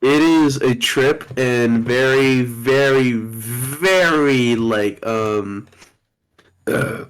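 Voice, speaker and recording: A man co-hosting a podcast in casual chat, stuffy and congested from being sick, halting as he searches for words. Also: medium pitch, clear, resonant tone, poor audio. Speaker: podcast co-host.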